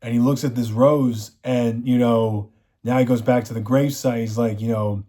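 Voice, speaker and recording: A man's voice: mid-range voice, fairly even intonation, normal speed, warm tone. A man reviewing a TV show, recapping the plot in a rambling, casual way, full of "you know" fillers.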